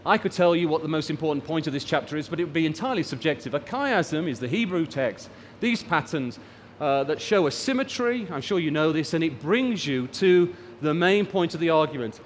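Lively preacher in a reverberant hall. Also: male voice, a little high, fairly quick, slight background noise. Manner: rises and falls for emphasis, draws out key words. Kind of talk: sermon.

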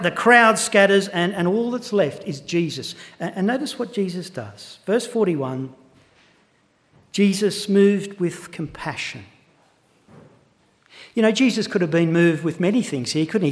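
A man's voice: sits high, expressive, unhurried. A man preaching a sermon to his congregation, earnest and building to impassioned emphasis. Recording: long hall reverb.

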